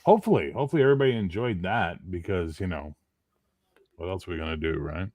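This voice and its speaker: A tired man chatting casually as co-host, swearing and joking with big swings in loudness. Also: sits low, expressive, fast, no echo. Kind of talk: casual chat.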